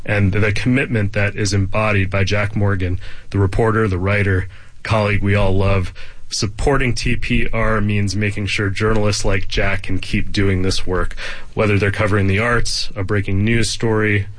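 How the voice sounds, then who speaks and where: Hosting a public radio pledge drive, this man sounds earnest and grateful as he thanks donors and compliments a colleague. His lowish voice stays level at a moderate pace, with no room sound, and the talk blends fundraising appeal with interview.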